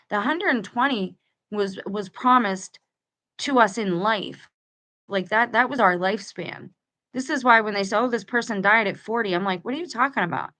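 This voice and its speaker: Her voice sits a little high and sounds fairly bright as she reads a book to her audience. She drifts into casual commentary in a conversational way, restarting sentences partway through and chatting to viewers.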